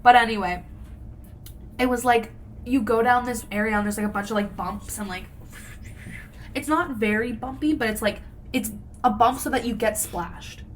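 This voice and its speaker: A woman's voice: on the high side, normal speed, long pauses, a little hiss or hum. Young woman rambling through a story. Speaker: podcast co-host. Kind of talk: casual chat.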